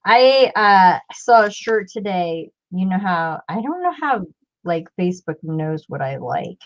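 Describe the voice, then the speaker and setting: A woman's voice: fairly low pitch, big pitch swings, a little slow, highs cut off. A woman hosting a casual crafting chat, rambling and interrupting herself as she works. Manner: rambling, self-interrupting, chatty. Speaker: craft channel host.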